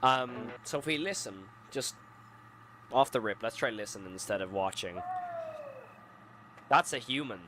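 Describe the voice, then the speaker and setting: A man's voice: mid-range voice, a little slow, long pauses, sharp tone, a little hiss or hum. A man hosting a casual live horror reaction stream, thinking aloud, rambling and repeating phrases as he goes. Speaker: horror channel host.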